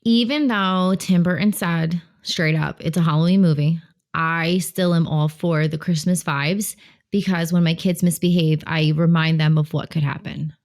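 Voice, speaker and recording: A woman's voice: low-pitched, fairly even intonation, normal speed. A woman co-hosting a podcast, chatting about films with playful, bossy teasing and plenty of enthusiasm. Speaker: podcast co-host. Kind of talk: casual film chat.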